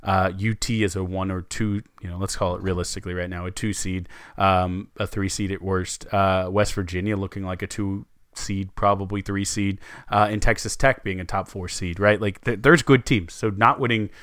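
A man with a fairly low voice talks basketball in easy, rambling podcast chat, looping back with fillers and restarts. The sound is dry and close, with no room around it. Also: steady tone, moderate pace, a bit bright, clean tone, dry recording. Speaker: sports podcast co-host. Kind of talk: casual sports chat.

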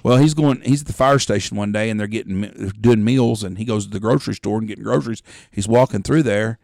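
A man's voice: on the low side, fast talker, creaky, a little mellow, no room sound, studio quality. A middle-aged man, telling rambling, profane hunting stories as a podcast co-host. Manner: rambling, profane storyteller who acts out quotes. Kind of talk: casual storytelling chat.

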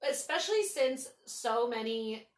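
A woman in her thirties hosting a podcast, telling stories in a casual, animated way, swearing freely and saying "like" a lot. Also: fairly high pitch, unhurried. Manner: animated, swearing, full of "like" fillers. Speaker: podcast host. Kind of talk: casual storytelling chat. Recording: roomy echo.

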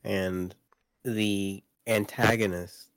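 A man's voice: lowish voice, fairly even intonation, drawn-out words, a bit bright, smooth, dry recording. A man co-hosting a casual podcast chat about video games, rambling with lots of fillers and restarts. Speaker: podcast co-host.

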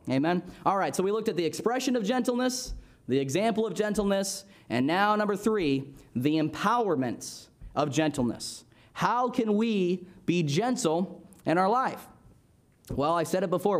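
A young man with a fairly high voice preaches in an easygoing, conversational way. He teaches like a Sunday school leader, pausing often for an "amen?" or a "right?". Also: lively intonation. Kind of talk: sermon.

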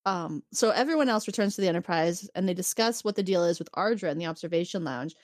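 A woman co-hosting a podcast, recapping an episode in casual chat and acting out the characters' lines with animated storytelling. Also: on the low side, fast, no room sound, clean studio sound.

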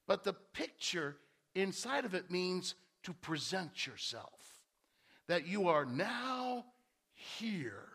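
A man's voice: sits high, very animated, takes it slowly, creaky, a bit bright, husky. A male pastor preaching a sermon in a church, talking conversationally and repeating key phrases for emphasis.

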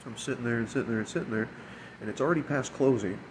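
Guy ranting about a coworker from his shift, cussing a lot, mid pitch, faint ac hum behind him. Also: rapid-fire. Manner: profane, exasperated, quotes people in mocking voices. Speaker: restaurant shift manager. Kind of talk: casual storytelling rant.

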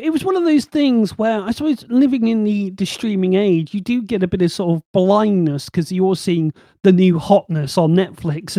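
A man with a Bristol accent co-hosts a podcast, rambling along with halting restarts and self-deprecating asides. His voice is high and mellow, recorded close and dry. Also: no room sound. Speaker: podcast co-host. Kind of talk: casual chat.

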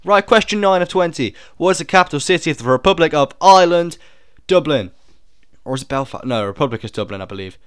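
A man's voice: mid-range voice, quick pace, clear, resonant tone, no echo, studio quality. Joking young man doing a quiz. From United Kingdom. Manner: jokey, punning, second-guesses aloud. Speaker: video creator doing a quiz. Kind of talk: casual commentary while taking an online quiz.

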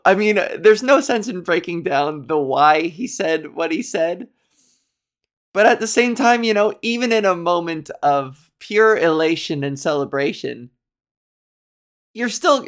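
A woman hosting a solo podcast, chatting casually in a rambling, jokey way, full of ums and self-corrections. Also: lowish voice. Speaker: podcast host.

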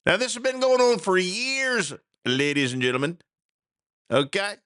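A man's voice: high voice, moderate pace, clean tone, no echo, studio quality. A middle-aged man hosting a radio talk show, ranting in a casual, chuckling way. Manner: animated, ranting, chuckling asides.

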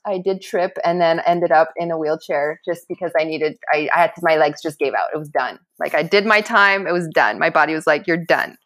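In a casual interview, a middle-aged female guest recounts a story energetically, often starting her sentences over. She has a deep yet fairly bright voice and speaks at a fairly quick clip with few pauses.

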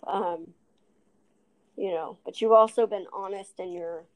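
A woman's voice: medium pitch, steady tone, measured pace, rough recording. Rambling woman host with a speech impediment. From New Mexico, raised in Texas. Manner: rambling, with many restarts and laughs. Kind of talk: casual heartfelt chat.

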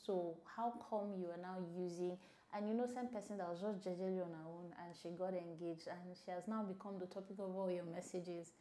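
A young woman hosting her own podcast, animated and opinionated, talking with a smile in her voice. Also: on the low side, fairly quick, echoey room. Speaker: podcast host. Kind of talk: solo podcast commentary.

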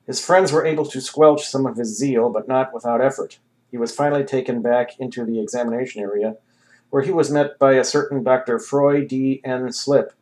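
Male narrator, wry deadpan audiobook read, mid-pitched voice. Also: normal speed, low-quality recording. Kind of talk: audiobook reading.

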